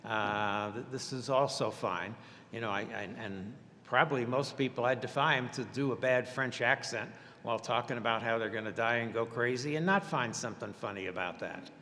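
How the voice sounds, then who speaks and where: A man, a therapist, presenting a professional webinar in a halting way, with many fillers and restarts and a dry sense of humor. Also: medium pitch, pushed and bright, big-room sound, a little hiss or hum.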